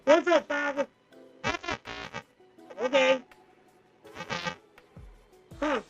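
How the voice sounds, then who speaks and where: A woman host chatting casually and directly with her viewers in a relaxed, slangy way, speaking into a headset. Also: high-pitched, drawn-out words, lo-fi sound, music in the background. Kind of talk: casual livestream chat.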